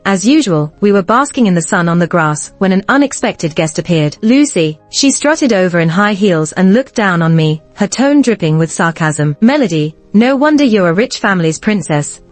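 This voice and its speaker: A woman's voice: lowish voice, expressive, moderate pace, few pauses, no room sound. Woman narrating a romance story over music. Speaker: first-person narrator.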